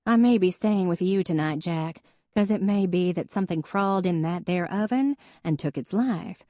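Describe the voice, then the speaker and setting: Female narrator puts on a brash, joking young woman vet with a Southern drawl, mellow and a little low. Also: moderate pace, no room sound, studio quality, lightly acted. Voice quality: drawling good-old-boy put-on voice.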